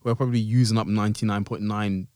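Low-voiced man co-hosting a podcast. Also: fairly even intonation, fast, a little mellow, clear, resonant tone, no echo, clean studio sound. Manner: earnest, spells things out carefully. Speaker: podcast co-host. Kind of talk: casual podcast chat.

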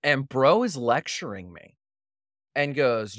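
A man's voice: medium pitch, big pitch swings, a little slow, fairly bright tone, no echo, studio quality. A young man co-hosting a podcast, telling a story casually, acting out quotes and laughing often. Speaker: podcast co-host.

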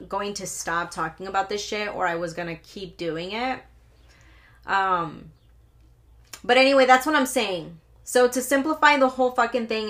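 A woman's voice: a little high, fairly bright tone. A young adult woman hosting her own podcast, delivering a heated, profane and rambling solo rant. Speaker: podcast host.

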